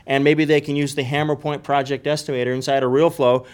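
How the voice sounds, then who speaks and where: A man's voice: a little high, flat delivery, quick pace, smooth. A man in casual podcast talk, explaining things emphatically and repeating his key points. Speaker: real estate investor and podcast guest.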